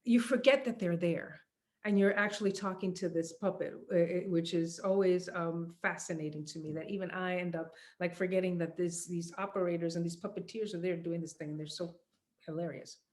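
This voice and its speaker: A middle-aged actress answers interview questions about her acting, her voice fairly low, mellow, and a little quick with mostly even intonation. She talks casually, full of fillers and restarts, and laughs easily.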